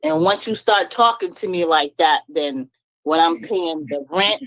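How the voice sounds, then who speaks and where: A woman's voice: fairly low pitch, measured pace, fairly bright tone, no room sound, highs cut off. A woman speaking up in an online talk room, venting bluntly and emphatically about her marriage and laughing as she talks. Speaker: caller sharing her story.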